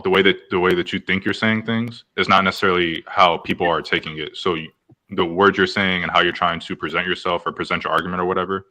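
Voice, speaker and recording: A man's voice: sits low, sharp tone. A man on a live-stream panel, probing and repeating his question until it gets answered. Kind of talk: casual debate on a live stream.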